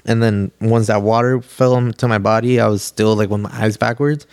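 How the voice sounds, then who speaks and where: A young man appears as a podcast guest, telling a long story in a laid-back, slangy style packed with "like" and "dude." His voice is lowish and a little mellow, with fairly even intonation at normal speed, in a clean studio recording with no room sound.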